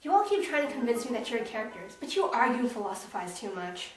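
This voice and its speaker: A woman playing a harried male theater manager who talks in a brisk, exasperated way. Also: fairly high pitch, very animated. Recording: very echoey room, far mic, faint music.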